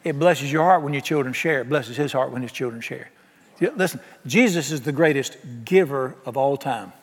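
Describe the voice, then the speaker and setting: A man preaching a sermon, folksy and animated, often acting out what people say. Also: mid-range voice, moderate pace, breathy edge. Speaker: pastor. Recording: long hall reverb.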